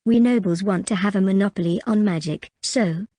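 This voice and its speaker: A woman voicing a calm, knowledgeable noblewoman mage who explains things plainly, in an audiobook. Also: mid-range voice, normal speed, dry recording, lightly acted.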